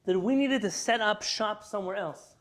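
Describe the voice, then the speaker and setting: A man with a high voice leads a class for students in the room, reading Hebrew lines aloud and then translating and explaining them. He teaches in a lively, storytelling way. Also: moderate pace. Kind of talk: lecture class.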